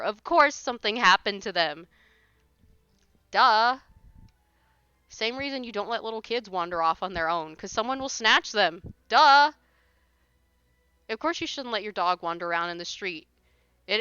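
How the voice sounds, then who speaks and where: Bright, crisp-voiced woman ranting. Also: medium pitch, no room sound, dull audio. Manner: exasperated ranting, blunt, swears. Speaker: livestreamer. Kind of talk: casual chat while gaming.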